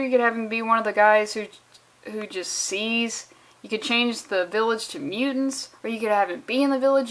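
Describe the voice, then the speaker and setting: A sarcastic woman rambles through a comic book review, swearing freely as she talks. Her voice sits a little high. She delivers loose, offhand vlog commentary.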